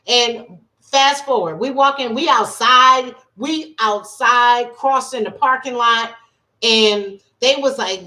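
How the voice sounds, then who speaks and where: Woman tarot life coach, casual livestream, emphatic, repetitive, slightly high voice. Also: slow pace, pushed and bright. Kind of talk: casual livestream talk and storytelling.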